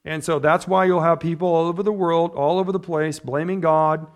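A man preaching a sermon in church in a loose, conversational way, often checking in with his listeners with a quick "right?" or "amen?". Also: on the high side, steady tone. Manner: chatty, tags points with "right?" and "amen?". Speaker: pastor.

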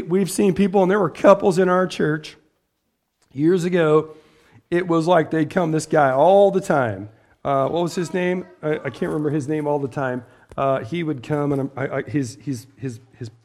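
Gravelly high-voiced preacher, blunt. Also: male voice. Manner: blunt, conversational, repeats words, quotes people in voices. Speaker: pastor. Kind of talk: casual sermon.

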